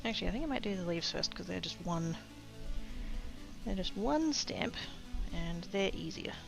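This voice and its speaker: A woman's voice: lowish voice, lively intonation, normal speed, gravelly, over music, rough recording. An Australian woman streaming her crafting, chatting casually and laughing as she reads the chat. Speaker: crafting livestreamer. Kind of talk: casual chat while stamping.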